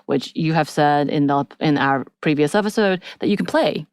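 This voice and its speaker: Woman on a podcast retelling a tv episode, low smooth voice, acts out the lines. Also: moderate pace, dry recording, clean studio sound. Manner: lively storytelling, acts out characters' lines. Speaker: podcast co-host. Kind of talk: casual TV recap chat.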